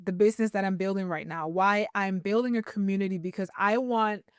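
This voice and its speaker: A woman's voice: mid-range voice, fairly even intonation, a little fast, smooth, no echo, clean studio sound. Earnest young woman sharing a faith story. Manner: earnest and reflective, with a tearful edge. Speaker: podcast host. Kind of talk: personal faith testimony.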